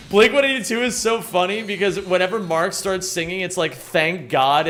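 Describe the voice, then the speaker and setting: A man's voice: high-pitched, moderate pace, hardly any pauses, fairly bright tone. A man streaming a speedrun, chatting loosely with his viewers, greeting them by name and rambling between thoughts. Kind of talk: live-stream chat while speedrunning.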